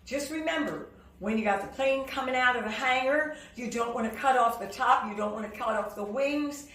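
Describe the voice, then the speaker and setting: A woman vocal coach leads a singing lesson in a bright, higher voice, speaking slowly and with a lot of movement in her pitch. She often stops to demonstrate by singing and shouting. Her voice sounds a little distant from the mic, in a roomy space. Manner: lively, demonstrative, breaks into sung and shouted examples.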